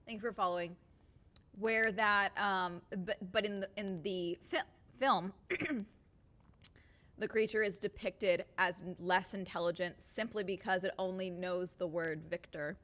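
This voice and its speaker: A woman's voice: mid-range voice, measured pace, fairly bright tone. A woman chatting casually on a livestream, rambling with many fillers and restarts. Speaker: streamer.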